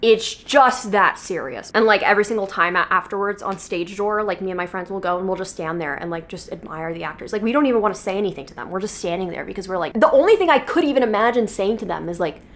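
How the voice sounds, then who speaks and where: A young woman vlogger in her twenties talks casually straight to her viewers. She gushes about the things she loves, swears freely and pokes fun at herself, at an ordinary middle pitch. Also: animated, fast talker, few pauses. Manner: gushing, swears freely, playful and self-mocking. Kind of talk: casual chat. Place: New York.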